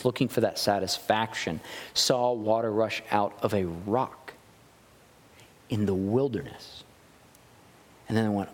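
A male pastor preaching a sermon, reading scripture and acting out quoted voices with big swings in pitch. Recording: long hall reverb.

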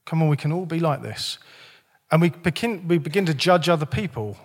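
A slightly hoarse man preaches in a church, his voice sitting a little high for a man. He keeps it conversational and jokey, and the sound rings with a long hall reverb. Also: normal speed. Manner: lively, joking, conversational preaching. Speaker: pastor. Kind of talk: sermon.

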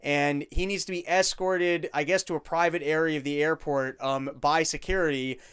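A man's voice: a little high, steady tone, normal speed, fairly bright tone, clean tone. A man hosting a podcast, commenting on video clips in a crude, joking, rambling way. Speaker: podcast host.

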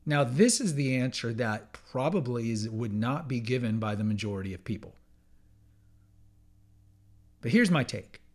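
A man talking through his own podcast episode in a loose, conversational monologue. He leans hard on his main points and repeats phrases for emphasis. He often restarts mid-sentence, and his voice sits at an ordinary middle pitch. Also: animated, normal speed, pauses often. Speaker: podcast host.

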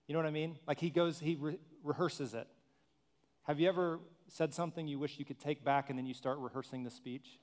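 A male pastor preaching a conversational sermon, animated, with humorous asides and acted-out quotes. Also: a little high, a little fast.

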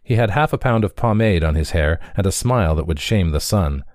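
A man reading a story aloud in a measured, even storytelling manner. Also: low voice, dry recording, studio quality. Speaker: reader. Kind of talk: audiobook narration.

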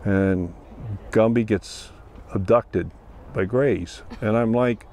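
A festival-goer from Ohio speaks slowly in a low, darkish voice as he tells his personal story. His manner is earnest and plain-spoken, and he acts out the dialogue.

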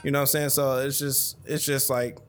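A man's voice: mid-range voice, flat delivery, a little fast, soft background music. A man in his thirties co-hosting a podcast, talking in loose, profane banter and laughing often. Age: 30s. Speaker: podcast co-host. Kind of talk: casual podcast chat.

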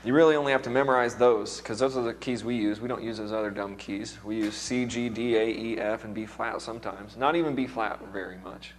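Speaking a bit fast with hardly any pauses, this lowish-voiced man leads a worship class through music theory in a relaxed, supportive way, frequently checking on his students. His slightly worn voice seems to be recovering, with a little background noise behind him.

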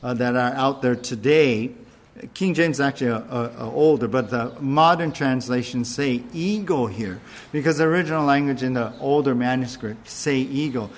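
A man preaching a sermon in a casual, conversational way, slowing down to stress key points. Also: medium pitch. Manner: conversational preaching with fillers and restarts, slowing for emphasis. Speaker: pastor.

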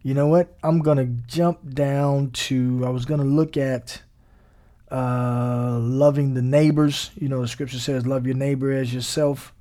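A man preaching a sermon, animated, repeating phrases and rising to emphatic peaks. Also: mid-range voice, measured pace. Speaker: pastor.

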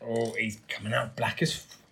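A man's voice: mid-range voice, little pitch movement, moderate pace, creaky, a bit bright. A man co-hosting a beer review, joking, laughing often and swearing in casual chat.

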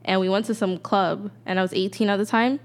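A woman's voice: mid-range voice, fairly even intonation, a little fast. A woman, co-hosting a podcast and telling stories in a brash, slangy way. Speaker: podcast co-host. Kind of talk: casual podcast chat.

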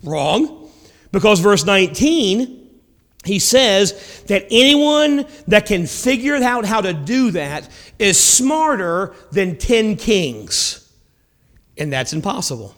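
A man preaching a sermon, dramatic, swinging between loud emphasis and hushed lines. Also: high voice, sing-song, slow, big-room sound.

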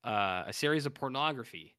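A man's voice: mid-range voice, expressive, a little fast, bright, forceful tone, clear, resonant tone, dry recording, clean studio sound. A man co-hosting a podcast in casual chat, animatedly retelling episodes and acting out what characters say. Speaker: podcast co-host.

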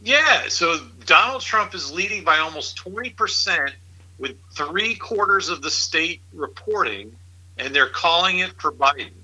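A man's voice: on the high side, animated, a little slow, sharp tone, husky, low-quality recording. A middle-aged man in casual political chat, rambling and incredulous, with frequent laughs.

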